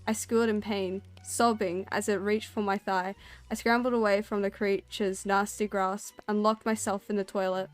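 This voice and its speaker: A woman's voice: medium pitch, little pitch movement, moderate pace. Woman streamer reading a spooky story. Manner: storytelling, then chatty and self-conscious.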